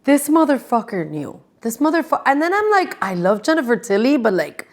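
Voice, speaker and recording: A woman's voice: a little high, sing-song, a little fast. A woman hosting a podcast, chatting casually and gossiping about reality TV, swearing freely and laughing often. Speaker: podcast host.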